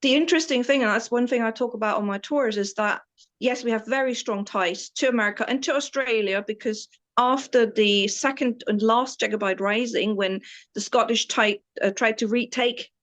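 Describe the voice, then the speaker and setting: A woman's voice: fairly high pitch, normal speed. A German-born woman in her forties, with an English accent tinged by the British Isles, telling stories as a tour guide in an enthusiastic, rambling way with many restarts. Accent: British Isles-influenced English. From East Germany. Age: 40s. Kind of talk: casual interview storytelling.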